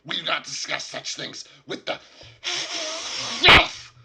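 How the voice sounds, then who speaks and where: A man voicing a hostile male goblin who spits out his words in a hissing, shouted voice. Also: high voice, wildly swooping pitch, slow pace, breathy edge, voice pushed up, full character voice. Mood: contemptuous.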